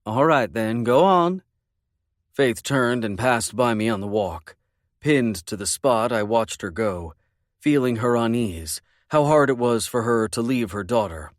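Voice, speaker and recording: A man narrating a first-person romance audiobook in a measured, intimate way. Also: mid-range voice, no room sound, clean studio sound.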